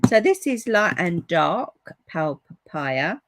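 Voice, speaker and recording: A woman's voice: lowish voice, sing-song, slow, slight background noise. A woman chatting casually to her viewers while she demonstrates colouring for a papercraft class. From United Kingdom. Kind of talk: casual live craft demonstration.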